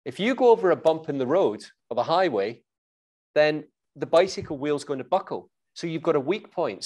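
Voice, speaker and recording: A man with a fairly high, light voice talks with confident energy. He coaches through vivid everyday examples in a relaxed interview. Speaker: sales coach guest. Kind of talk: conversational interview, coaching advice.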